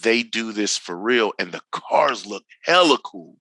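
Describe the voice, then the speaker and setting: A man in his forties from Northern California, a podcast guest telling stories casually, animated and slangy, acting out the people he quotes. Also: fairly low pitch, measured pace, no room sound, low-quality recording. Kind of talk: casual storytelling chat.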